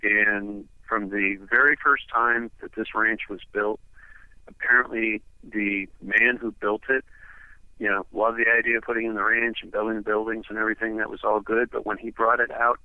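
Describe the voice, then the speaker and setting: A man's voice: lowish voice, flat delivery, moderate pace, dry recording. A man from the eastern United States, a radio guest telling a long story over the phone in a rambling way, full of fillers. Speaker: radio show guest, ranch owner. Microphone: telephone. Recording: tinny phone line, dry.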